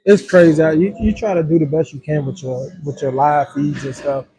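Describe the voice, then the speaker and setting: A man's voice: a little high, fairly quick, poor audio. Laid-back man chatting on a livestream. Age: adult with a hundred-year-old grandmother. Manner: relaxed, rambling, talks to viewers as y'all. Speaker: live-stream host. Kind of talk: casual livestream chat.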